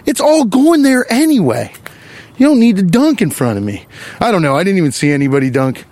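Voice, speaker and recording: A man's voice: sits high, fairly quick. A man hosting a podcast, delivering a profane, exasperated comic rant while walking along a wooded trail. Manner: animated, profane, exasperated ranting. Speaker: podcast host.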